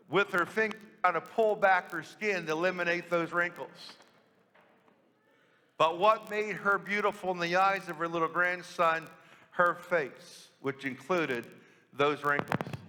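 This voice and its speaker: Priest, homily voice, high and bright, conversational, church reverb. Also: male voice. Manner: conversational, asks the congregation questions. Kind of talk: storytelling sermon.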